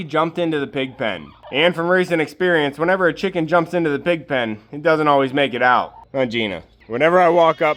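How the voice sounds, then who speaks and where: A man's voice: a little high, fairly bright tone. A man on his homestead, chatting to the camera and coaxing his chickens, goats and pigs at feeding time. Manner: chatty, coaxing, talking to animals. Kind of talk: casual vlog talk to animals and camera. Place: outdoors on a farm. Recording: faint outdoor farm noise. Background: farm animals bleating.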